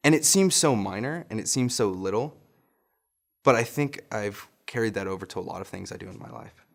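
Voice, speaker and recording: A young male pastor with a fairly low voice tells a story from his childhood in a relaxed, conversational sermon. He laughs at his own tale now and then. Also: fairly quick, vocal fry. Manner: chuckles often while telling a story.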